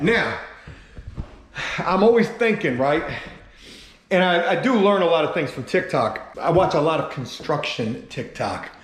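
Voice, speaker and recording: A man's voice: high-pitched, a bit bright. A man talking casually and joking, with plenty of swearing, as he walks through his home renovation for a vlog. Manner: laid-back, profane, joking. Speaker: vlogger. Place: house under renovation, bathroom. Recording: echoey room, faint background noise.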